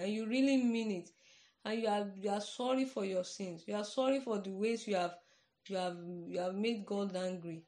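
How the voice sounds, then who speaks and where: A woman's voice: medium pitch, moderate pace, a little mellow. Nigerian woman, podcast preacher, earnest and chatty, a middle-register voice. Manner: earnest, repeats "you understand?". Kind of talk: informal podcast sermon.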